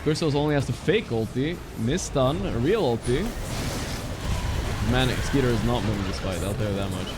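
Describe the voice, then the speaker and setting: With music playing behind him, a young Swedish-accented man streams and chats at a normal speed and medium pitch. He's casual and slangy, curses freely, and laughs at himself.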